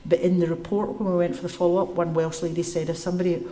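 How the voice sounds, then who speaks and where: Lowish in pitch and quick in speech, a woman presents a public lecture before a live audience and takes questions. Her style is animated storytelling paired with step-by-step explanation, and the room echoes.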